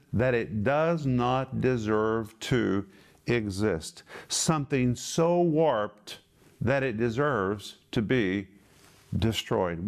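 A man delivers a televised Bible teaching in a mid-pitched voice. He speaks emphatically and stretches out the key words as he explains Greek terms. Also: darkish tone. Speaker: pastor.

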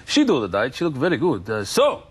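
A man's voice: mid-range voice, huge pitch swings, fairly quick, husky, pitched above the performer's own voice. An Australian comedian voicing a chatty male airport driver in broken English, with a mock Mediterranean accent.

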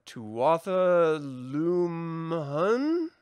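Male comic reader, measured and slow, with a dry close-mic sound. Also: fairly high pitch, big pitch swings, a little mellow, clean tone, no echo. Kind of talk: reading a comic aloud.

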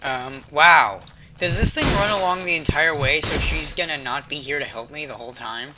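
In this let's-play, the gamer speaks at a normal speed in a mid-range voice, tossing sarcastic, profane comments at themself. Game music runs underneath.

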